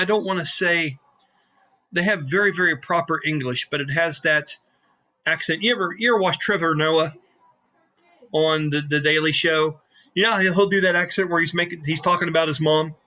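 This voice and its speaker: A man's voice: fairly high pitch, normal speed, bright, forceful tone. A man running a tabletop game as game master, narrating in a rambling, casual way with many fillers.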